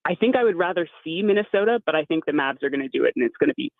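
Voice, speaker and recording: A woman sports reporter calling into a radio show, chatty and quick to poke fun at herself. The line is thin and phone-like, with a dry sound. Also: fairly low pitch, very animated, gravelly, no echo. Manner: chatty, self-deprecating, laughs often.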